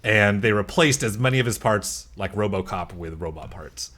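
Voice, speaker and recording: A man's voice: on the low side, lively intonation, normal speed, a bit bright. A man chatting as a podcast guest, rambling and often laughing mid-sentence. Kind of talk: casual chat.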